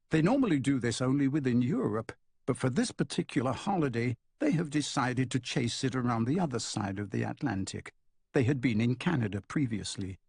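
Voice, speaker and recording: A man reading a novel aloud in a calm, measured narration. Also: mid-range voice, husky, no room sound, studio quality. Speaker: audiobook narrator. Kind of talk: scripted narration.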